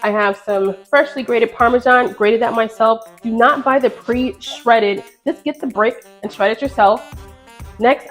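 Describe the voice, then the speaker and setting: Upbeat chatty woman cooking on camera. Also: on the high side. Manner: chatty, upbeat, talks straight to viewers. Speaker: home cook host. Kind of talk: casual cooking demonstration.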